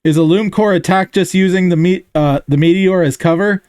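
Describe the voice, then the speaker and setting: A man's voice: high-pitched, a little fast, darkish tone, clean tone, no room sound, clean studio sound, voice pushed up, lightly acted. A man reading a pushy woman reporter. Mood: pressing. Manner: pressing, insistent questions. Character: pushy female news reporter.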